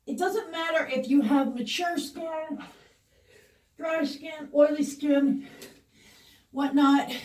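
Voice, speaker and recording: Speaking a bit away from the mic, a middle-aged woman with a high-sitting voice chats casually through her skincare routine. This beauty vlogger rambles and fills her talk with lots of fillers.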